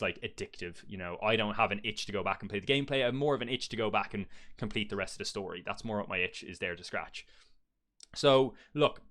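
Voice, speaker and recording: A man's voice: lowish voice, fairly bright tone. A man giving a casual, blunt game review, chatty and peppered with fillers and swearing.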